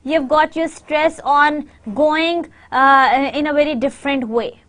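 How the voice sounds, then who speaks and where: A high-pitched woman lectures in English, though her first language is Urdu. She often pauses on "uh" and stretches out her example sentences slowly, one word at a time. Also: steady tone, a bit bright. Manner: many fillers, reads out example sentences slowly. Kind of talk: university lecture.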